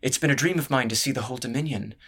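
A man voicing a composed young woman in an audiobook. The voice is lifted and bright, and she speaks in a measured, polite way while staying guarded. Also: mid-range voice, slightly rough, voice pushed up.

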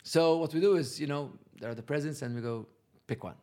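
A man's voice: fairly high pitch, fast talker, dark tone. A man talking as a podcast guest, rambling and laughing often, restarting his sentences as he recalls family Christmas habits. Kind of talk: casual chat.

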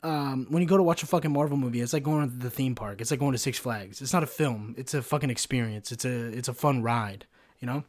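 A young man in his twenties rants alone on his podcast, heated and loose. He swears freely and wanders through his points with plenty of "like" and "you know," with a pitch in the middle for a man. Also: fast. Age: 20s. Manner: profane, rambling and heated; casual, filler-heavy. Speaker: podcast host. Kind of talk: solo podcast rant.

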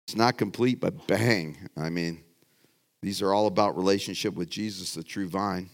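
A middle-aged male pastor with a fairly low voice preaches in a folksy, conversational way. He often restarts his sentences, leans hard on some points and drops to quiet asides on others. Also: moderate pace. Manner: folksy, rambling, self-interrupting with restarts; swings between loud emphasis and quiet asides. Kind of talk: conversational sermon.

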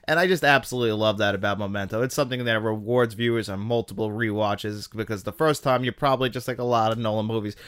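Chatty low-voiced man ranking films. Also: quick pace, hardly any pauses, smooth, no room sound, clean studio sound. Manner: chatty, opinionated, jumps in pitch when excited. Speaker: podcast host. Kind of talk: casual film-ranking commentary.

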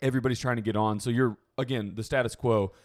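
A man casually telling a travel story in a chat, animated and wry. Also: mid-range voice, fast talker. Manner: animated storyteller, acts out people in quotes.

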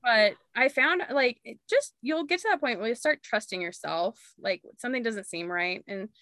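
A woman hosting a casual chat, an animated storyteller who acts out quoted dialogue and laughs often. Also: on the high side, normal speed, dry recording.

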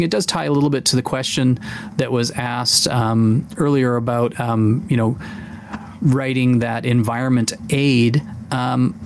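A man's voice: mid-range voice, creaky, slight background noise. A man co-hosting a tabletop gaming podcast, chatting casually and enthusiastically, with many fillers and restarts. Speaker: podcast co-host. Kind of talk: casual chat.

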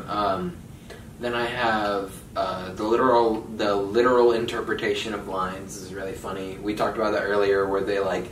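A young man hosting a casual podcast chat, animated, working through his notes and breaking into laughter. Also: lowish voice, normal speed. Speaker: podcast host. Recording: echoey room, mic far off, faint noise.

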